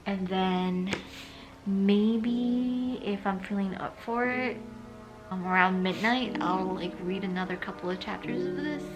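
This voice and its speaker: A woman's voice: medium pitch, a little slow, highs cut off, over music. A young woman chatting casually in a reading vlog from her bedroom, rambling and saying "like" a lot. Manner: chatty, rambling, fills speech with "like". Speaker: book vlogger.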